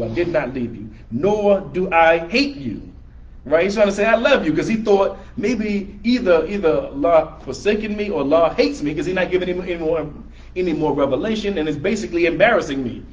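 Man explaining scripture, slightly high voice. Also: muffled recording. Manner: conversational, rephrasing verses in plain words. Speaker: religious teacher. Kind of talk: explanatory Quran class. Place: room with a small audience, filmed by camera.

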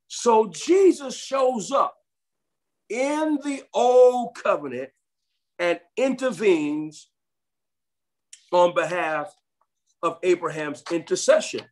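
A man preaching a sermon, reading scripture aloud and breaking in with emphatic comments, repeating phrases for stress. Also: high-pitched. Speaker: pastor.

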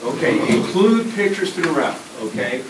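Upbeat middle-aged guy presenting to a class, lively voice, roomy far-off recording. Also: on the high side, normal speed. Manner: energetic and interactive, asks the kids questions. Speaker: guest presenter. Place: school classroom. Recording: echoey classroom taped from far off with noise.

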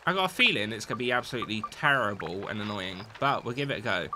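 A live streamer giving casual gameplay commentary, chatty and excitable, swearing casually while talking to a friend on call. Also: mid-range voice, fast talker, background noise.

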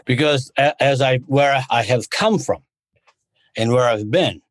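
A man's voice: medium pitch, measured pace, dry recording. Dry-sounding rambling male interview guest. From United States. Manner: rambling storyteller, restarts often. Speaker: podcast guest, martial arts instructor. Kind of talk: casual interview conversation.

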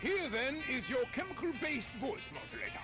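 Fussy shopkeeper with a fake British accent, very high and swooping, game music behind. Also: male voice, sing-song, fairly quick. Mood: salesy. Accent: put-on British. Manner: theatrical, fussy exclamations. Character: excitable male shopkeeper with fake British airs.

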